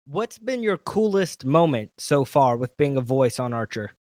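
A man's voice: medium pitch, big pitch swings, moderate pace, darkish tone, no echo, clean studio sound. A man hosting a casual interview and asking questions in an easygoing, conversational way. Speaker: podcast interviewer.

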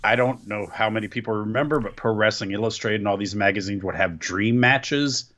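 A man's voice: on the low side, a little fast, a bit bright. A man in casual chat as a co-host, giving enthusiastic, opinionated takes. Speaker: podcast co-host.

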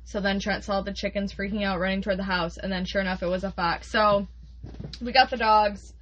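A woman co-hosting a podcast, chatting casually and telling a story with quick laughs. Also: mid-range voice, steady tone, fairly bright tone, dull audio, slight background noise. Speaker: podcast co-host. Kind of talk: casual chat.

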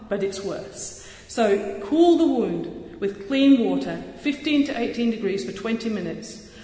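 A woman giving an earnest, energetic public talk as a surgeon, with touches of self-deprecating humor. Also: fairly high pitch. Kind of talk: public speech. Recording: echoey hall with long reverb.

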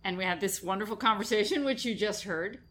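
Female co-host, mid-pitched, relaxed and chatty. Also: fast, a little hiss or hum. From New York. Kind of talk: casual chat.

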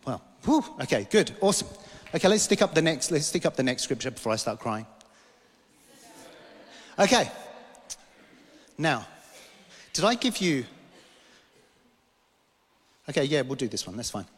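A man's voice: medium pitch, very animated, moderate pace, long pauses, big-room sound. A man from Britain preaching a sermon, telling a personal vision story with rambling asides and small jokes. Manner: storytelling, rambling, self-interrupting, joking asides. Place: church hall.

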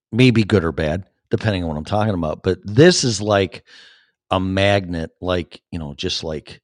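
A man's voice: low voice, no echo, studio quality. A man in his fifties hosting his own podcast, chatting casually and rambling as he reads and answers live chat comments, with many fillers and restarts. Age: 50s. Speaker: podcast host.

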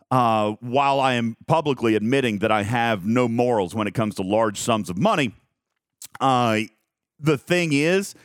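A man hosting a live stream, talking in a rambling, self-mocking way with lots of halting restarts. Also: fairly low pitch, no echo, clean studio sound. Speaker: host of a live game talk stream. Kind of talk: casual live-stream chat.

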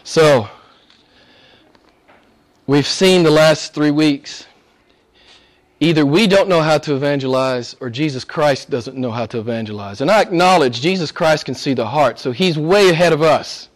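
Emphatic high-voiced male pastor preaching. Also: unhurried. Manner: emphatic, swings between loud exclamations and hushed asides. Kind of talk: sermon.

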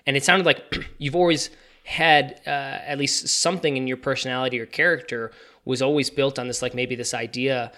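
A man's voice: mid-range voice, fairly even intonation, normal speed, pushed and bright. A male interview host asking reflective, rambling questions with many fillers. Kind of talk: casual interview.

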